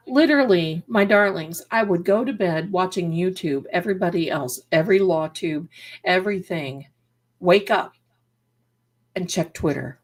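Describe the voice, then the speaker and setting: A woman hosting a live stream as a psychic, rambling affectionately while she reads comments aloud. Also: lowish voice.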